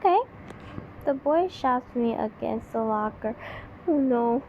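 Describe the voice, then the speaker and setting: A woman who runs a channel reads a story aloud in a childlike, fairly high voice, mocking it with incredulous asides as sarcastic commentary. She sounds animated and keeps a measured pace, and the recording is dull lo-fi with a faint hiss.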